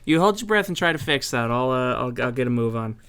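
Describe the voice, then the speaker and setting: A man's voice: mid-range voice, animated, fast talker, a bit bright, clean tone. A young man co-hosting a casual podcast, recapping a movie from his notes in an easygoing, jokey way. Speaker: podcast co-host.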